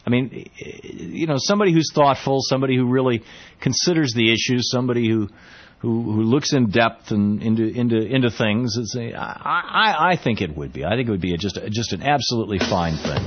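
A man hosting a political talk radio show, speaking in a halting, sarcastic monologue full of restarts. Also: medium pitch, animated, muffled recording.

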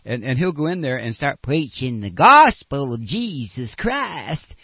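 A man hosting a political talk radio show, sarcastic, and now and then breaking into shouted tirades. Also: mid-range voice, sing-song, measured pace, slightly rough, dry recording. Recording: dull lo-fi radio broadcast.

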